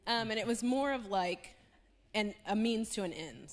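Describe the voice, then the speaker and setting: A woman, speaking as a church speaker in a panel talk, soft-spoken and earnest with many fillers. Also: fairly high pitch, lively intonation, moderate pace.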